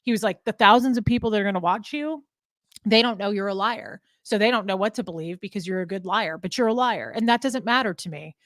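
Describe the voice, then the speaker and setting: A woman's voice: mid-range voice, fast talker, dry recording, clean studio sound. A woman hosting a livestream, talking conversationally with her guest and laughing easily. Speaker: livestream host. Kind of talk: casual livestream chat.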